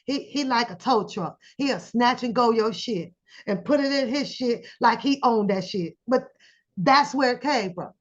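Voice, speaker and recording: A woman with a fairly high voice unspools the story at an unhurried, drawn-out pace. She slips into playful voices for the people she quotes, and the recording sounds dull and lo-fi. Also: animated. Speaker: commentary channel host. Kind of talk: casual drama commentary.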